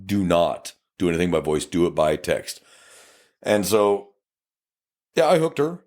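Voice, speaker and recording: South Texas man, cop co-host, low voice, lively and swearing, acts out both sides of the scene. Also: measured pace. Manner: profane, animated, acts out dialogue. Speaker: podcast co-host, police officer. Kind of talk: casual storytelling chat.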